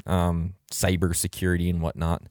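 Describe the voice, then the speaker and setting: A man co-hosting a podcast, chatting casually in a relaxed way with lots of fillers. His voice sits on the low side. The recording is dry and close. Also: normal speed, dry recording. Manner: relaxed, filler-heavy, reads listener email aloud. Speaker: podcast co-host. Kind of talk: casual chat.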